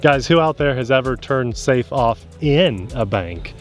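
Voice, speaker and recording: A man's voice: medium pitch, lively intonation, a little slow, soft background music. A young adult man, chatty and easygoing, explains what he is doing as he flies a model plane at an outdoor field. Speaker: RC pilot and channel host. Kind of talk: casual outdoor flying commentary.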